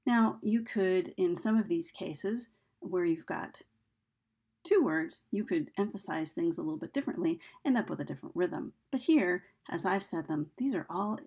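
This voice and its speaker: A woman talks through poetic rhythm like a teacher in a relaxed lesson, pausing on ums and restarting her phrases. Her voice is gravelly and a little husky. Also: lowish voice. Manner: chatty and explanatory, with frequent ums and restarts. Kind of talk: casual lesson on poetry meter.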